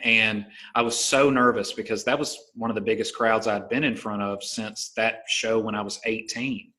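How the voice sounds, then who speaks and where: A man's voice: fairly low pitch, moderate pace. Southern-accented male comedian, casual. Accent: Southern American. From American South. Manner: relaxed storytelling, many fillers like "like" and "you know". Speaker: podcast host, stand-up comedian. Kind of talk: casual conversation.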